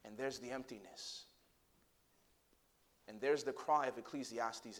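A male pastor preaching a sermon, telling a story in a low hushed voice and then rising into loud, impassioned preaching with rhetorical questions to the congregation. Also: a little slow.

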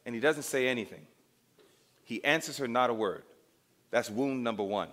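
A man's voice: mid-range voice, normal speed, fairly bright tone. A man preaching a sermon, dramatic, asking the congregation questions and acting out the scenes he describes.

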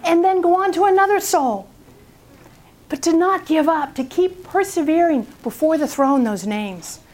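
A woman speaking at a prayer seminar, telling a story in an animated way and acting out its people. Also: very high-pitched, moderate pace.

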